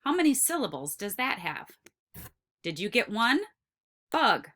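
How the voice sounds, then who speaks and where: Slow, bright-voiced kindergarten teacher woman. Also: fairly high pitch, big pitch swings. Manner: slow, encouraging, drawn-out words for children. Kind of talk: recorded lesson for young children.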